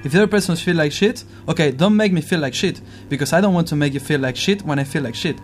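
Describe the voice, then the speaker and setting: Earnest man, slightly high voice. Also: quick pace, faint music behind. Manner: earnest, searching for words, asks rhetorical questions. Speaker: musician in conversation. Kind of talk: casual reflective chat.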